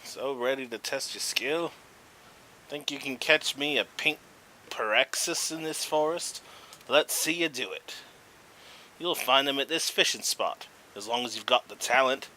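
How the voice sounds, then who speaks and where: A man's voice: medium pitch, measured pace, a little hiss or hum, pitched above the performer's own voice, poor audio. A man voicing a cheerful, fishing-obsessed male fisherman in a put-on Australian accent, reading game dialogue in a hammy, punning way. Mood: jolly. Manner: hammy, punning, loud and upbeat.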